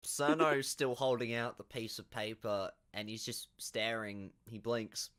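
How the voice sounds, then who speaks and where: A man playing a tabletop game, slowly describing his character's actions, often giggling. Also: mid-range voice, fairly even intonation, a bit bright. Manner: giggly, slow narration of actions. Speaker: player.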